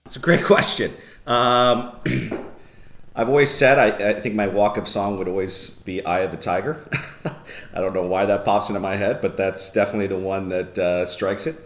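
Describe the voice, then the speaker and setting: Deep-voiced man in an echoey room. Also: steady tone, moderate pace, a little hiss or hum. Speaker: podcast guest, company president. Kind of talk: conversational interview.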